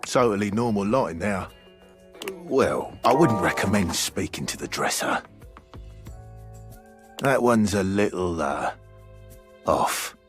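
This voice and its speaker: A man's voice: fairly low pitch, lively intonation, slow, pauses often, soft background music. An actor voicing a flirty, polite male talking door in a video game, with a suave, teasing manner.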